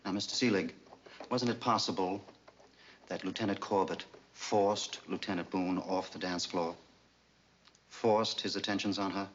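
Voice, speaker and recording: An actor playing a military prosecutor who asks pointed, leading questions. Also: male voice, low-pitched, steady tone, unhurried, pauses often, a bit bright. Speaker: Navy prosecutor. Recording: dull old TV sound.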